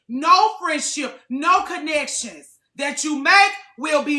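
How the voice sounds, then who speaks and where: A woman talking to camera in a casual vlog rant, blunt and profane, preaching hard and swinging into shouts. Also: high-pitched, expressive, slow, few pauses, roomy sound. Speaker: vlogger.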